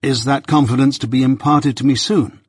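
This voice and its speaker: A man with a husky voice voicing a polite, nervous young man who answers deferentially, in a storybook reading. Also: mid-range voice, fairly even intonation, normal speed, a little mellow, no echo, studio quality, natural voice.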